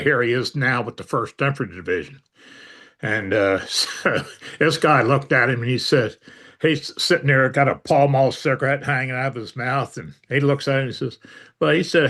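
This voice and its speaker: A man's voice: mid-range voice, fairly bright tone. An older man recounting old memories in an interview, rambling with many fillers and dry humor. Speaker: interviewee, veteran. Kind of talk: storytelling interview.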